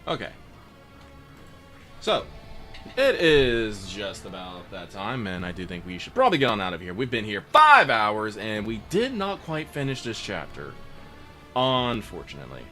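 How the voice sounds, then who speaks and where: A man's voice: lowish voice, wildly swooping pitch, normal speed, sharp tone, faint music behind. A man hosting a casual let's-play stream, joking loosely and swearing freely as he plays and signs off. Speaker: streamer and show host.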